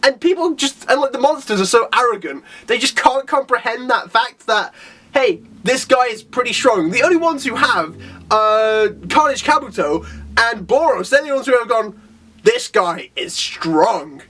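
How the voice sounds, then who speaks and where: A young man in a casual manga chapter review, excitable and rambling, who laughs often and breaks into character voices. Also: very high-pitched, moderate pace, faint music behind.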